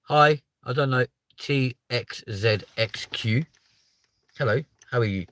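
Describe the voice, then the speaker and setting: This thirty-something British livestream host speaks slowly in a medium-pitched, slightly bright voice. He chats loosely with his audience and reads their comments aloud, playfully acting offended and dropping casual swear words.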